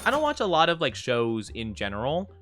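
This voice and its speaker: A man's voice: mid-range voice, wildly swooping pitch, a little fast, fairly bright tone. A young man chatting casually on a gaming live stream, rambling and giggly, often thanking viewers.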